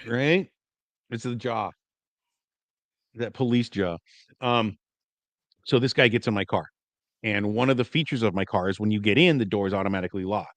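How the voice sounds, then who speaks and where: A man in his forties, a podcast co-host, telling stories casually and acting out quoted lines loudly. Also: lowish voice, moderate pace, pauses often, no echo. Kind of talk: casual storytelling chat.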